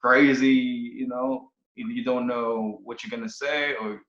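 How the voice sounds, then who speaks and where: Man from the Philippines, guest musician, halting casual talk; roomy, muffled podcast recording. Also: medium pitch, little pitch movement, a bit bright. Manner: hesitant, restarts often. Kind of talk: casual interview chat. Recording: roomy, dull podcast audio.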